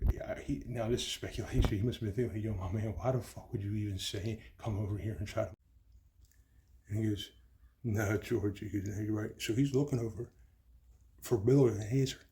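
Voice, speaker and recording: A man with a somewhat low voice tells a personal story of loss in a rambling, heated way. He swears and repeats himself as his account unfolds. Faint background noise sits under the recording. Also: dark tone. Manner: rambling, profane, agitated retelling. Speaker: grieving son telling his story.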